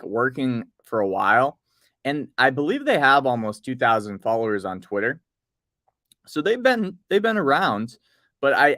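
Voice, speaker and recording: In a clean, dry studio recording, a man with a mid-range voice co-hosts a casual podcast about crypto news. He's relaxed and rambling, working through his notes and reading bits of project notes aloud.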